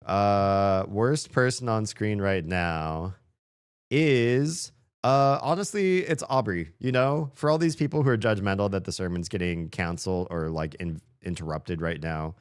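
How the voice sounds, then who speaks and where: A man with a low, deep voice gives loose, playful commentary while he streams a story game. He rambles and jokes with his viewers. The sound is dry and close, with no room echo. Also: clear, resonant tone. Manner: playful, chatty, laughs often.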